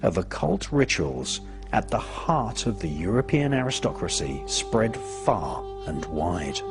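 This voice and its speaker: Slow, lively-pitched male documentary narrator. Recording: voice-over with clear background music.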